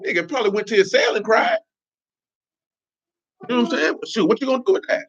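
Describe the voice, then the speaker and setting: Fast, blunt street-talking male preacher. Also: sits high. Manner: streetwise, blunt, laughing asides. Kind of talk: informal religious teaching. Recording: dull lo-fi recording.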